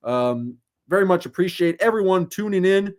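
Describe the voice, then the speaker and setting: Animated man ranting on a podcast. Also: high voice, moderate pace. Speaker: podcast co-host. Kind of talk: casual podcast chat.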